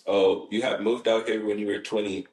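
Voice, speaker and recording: A man hosting an interview, laid-back and quick to laugh, with short reactions. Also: on the low side, little pitch movement, a little mellow, distant mic. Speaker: podcast host. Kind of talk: casual interview chat. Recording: roomy sound.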